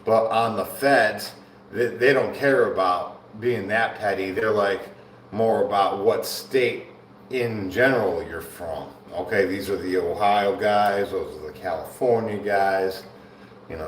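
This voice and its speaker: A man's voice: lowish voice, measured pace, a little hiss or hum. A man chatting casually on a live bodybuilding stream between sets, laid-back and slangy, often laughing. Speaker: bodybuilding livestreamer. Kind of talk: casual livestream chat while training. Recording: echoey room, mic far off, faint ambience.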